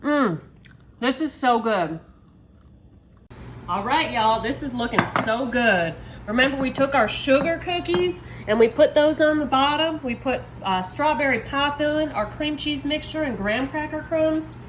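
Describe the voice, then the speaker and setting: Woman, high-pitched, chatty and excitable home cook, phone recording with faint noise. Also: normal speed. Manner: chatty, excitable, addresses viewers as y'all. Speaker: home cook showing desserts. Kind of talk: casual cooking video.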